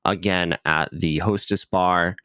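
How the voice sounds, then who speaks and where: A man co-hosting a casual podcast chat, animated and prone to loud mocking asides. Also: sits low, slow, clear, resonant tone, no room sound, clean studio sound. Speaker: podcast co-host.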